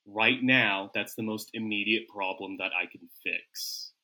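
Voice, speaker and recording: A man with a very bright, forceful voice plays his turns in a comedic tabletop game. He talks very slowly and deliberately, with a low pitch and a joking tone. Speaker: player.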